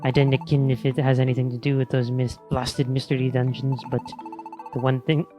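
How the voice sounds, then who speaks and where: A man's voice: mid-range voice, steady tone, brisk, music in the background, natural voice. A man voicing an old townsfolk creature in a put-on Scots-style brogue, reading game dialogue aloud. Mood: wistful.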